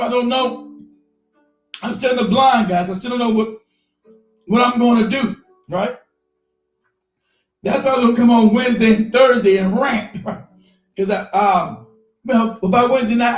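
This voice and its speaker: High-voiced man ranting on a live stream. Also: moderate pace, pauses often, reverberant, faint music behind. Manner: profane, animated storytelling. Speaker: live-stream show host.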